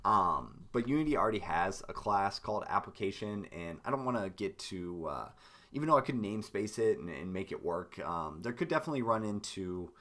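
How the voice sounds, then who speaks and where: A man with a raspy, hoarse voice and lower energy than usual, thinking aloud as he codes through a live stream tutorial, with many ums and restarts. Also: animated, brisk, pushed and bright. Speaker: game dev streamer.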